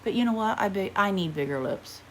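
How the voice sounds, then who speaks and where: A woman's voice: medium pitch, animated, a little fast, slight background noise. An American woman chatting casually in a haul vlog while trying on makeup, rambling and poking fun at herself. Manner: chatty, rambling, self-deprecating. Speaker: vlogger.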